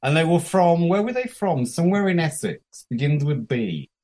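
A man's voice: on the high side, sing-song, normal speed, a little mellow. A man in his fifties from England, a guest telling candid stories about his life, frank and profane, acting out the quotes of the people in them. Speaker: interview guest. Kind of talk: candid storytelling.

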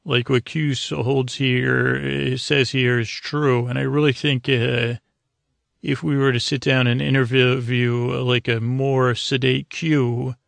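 A man's voice: medium pitch, little pitch movement, slow, gravelly, no room sound. A man hosting a podcast, giving a casual, rambling recap of a TV episode, full of fillers and restarts. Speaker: podcast host.

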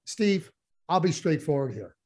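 Male co-host, high voice, animated and heated hockey talk. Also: a little slow, breathy edge. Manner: animated, gets heated and loud, many restarts. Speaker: podcast co-host, hockey analyst. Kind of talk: casual sports chat.

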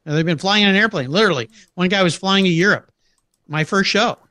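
A man's voice: high voice, fast talker, bright, forceful tone, dry recording. A middle-aged man telling anecdotes in a casual interview, acting out quoted voices and laughing often. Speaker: podcast guest.

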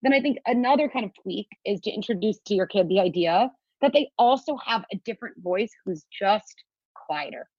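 A woman's voice: medium pitch, animated, fairly quick, a little mellow, breathy edge, no room sound. A woman on a podcast explaining parenting ideas in an earnest, coaching way, sometimes acting out a child's inner voice in a sing-song. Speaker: parenting guest expert. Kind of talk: podcast interview talk. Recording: dull, dry podcast audio.

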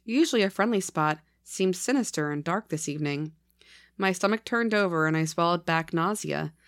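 A woman's voice: on the low side, no echo, clean studio sound. A woman, a podcast host whose voice is slightly scratchy from illness, chatting playfully and reading true ghost stories aloud. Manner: playful, laughs often, reads stories in a lively storytelling way.

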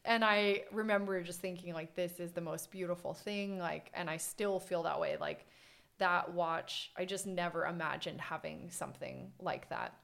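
Woman, young adult, podcast guest, animated storyteller, laughs a lot, acts out quotes, casual chat. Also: fairly low pitch, normal speed, gravelly. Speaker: podcast guest, watch collector. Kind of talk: casual conversation.

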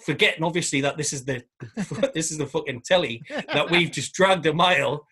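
A man's voice: on the high side, moderate pace, pushed and bright, breathy edge. A man, co-hosting a podcast in casual chat, telling stories and laughing often. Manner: laughs often, jokey storytelling. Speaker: podcast co-host.

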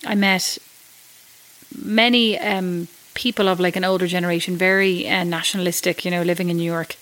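A woman's voice: fairly low pitch, fairly even intonation, fairly quick, a bit bright, poor audio. An Irish woman in her forties from Ireland, telling stories in a casual chat, with lots of fillers and laughter. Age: 40s. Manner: chatty storytelling, laughs often, many fillers. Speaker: guest.

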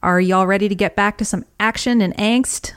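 A woman's voice: mid-range voice, fairly even intonation, normal speed, fairly bright tone, clean tone, no room sound, clean studio sound. A woman co-hosting a tabletop role-play podcast, chatting casually and enthusiastically, giggling often and using lots of fillers. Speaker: podcast co-host and game master.

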